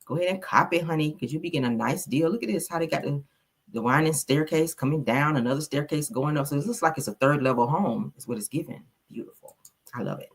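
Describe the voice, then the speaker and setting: This woman's low, husky voice moves fast as she gushes through casual gossip-channel commentary, addressing her viewers as honey and child.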